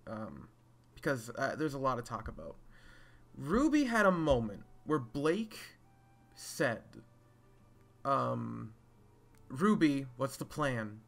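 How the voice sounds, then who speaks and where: A man with a bright, forceful voice talks through an episode review in a loose, rambling way. He trips over his words, circles back with "um" and "uh," and swears casually. He sits at a mid pitch for a man. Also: huge pitch swings, slow pace, creaky, long pauses. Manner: scatterbrained, rambling with frequent fillers. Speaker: video reviewer.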